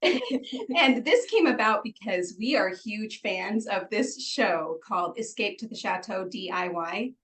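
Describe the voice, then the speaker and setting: A woman's voice: medium pitch, lively intonation, measured pace, a bit bright, poor audio. A woman guest on an interview, bubbly and chatty, giggling often and filling with "like" and "um.". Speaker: guest, retreat organizer. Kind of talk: conversational interview.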